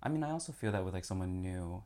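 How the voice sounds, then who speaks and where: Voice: sits low, expressive, fast talker, mellow. A podcast host talking in a casual, playful, teasing way with guests. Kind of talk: casual chat.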